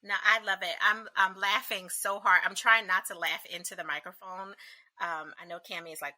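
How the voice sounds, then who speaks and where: A woman hosting a podcast interview, talking in an animated, encouraging way and laughing often. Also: mid-range voice, normal speed. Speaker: podcast host, balance and relationship advisor. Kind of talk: casual interview chat.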